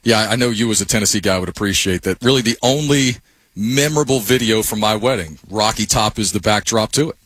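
A man's voice: lowish voice, a little fast, fairly bright tone, no room sound. A man co-hosting a podcast, telling rambling anecdotes in a casual chat.

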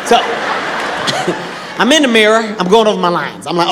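A man telling stand-up stories on a comedy stage, animated, acting out voices and bursting into shouts. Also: high voice, normal speed. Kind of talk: stand-up storytelling. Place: comedy stage before a live audience. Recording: echoey hall with a live crowd and noise.

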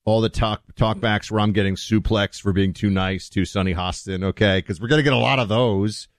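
A male radio co-host in casual, wry talk-radio banter, defending himself with animated storytelling. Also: fairly low pitch, a little fast, dry recording, studio quality.

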